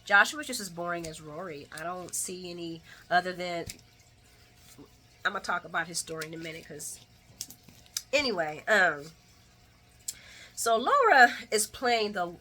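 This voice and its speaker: A woman talks through a daily soap recap in a bright, forward voice. She chats directly to her viewers, laughs easily and talks back at the characters with expressive flair. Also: fairly low pitch, moderate pace, pauses often, slight background noise. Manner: chatty, addresses viewers directly. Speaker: soap opera recap vlogger. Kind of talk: casual daily recap commentary.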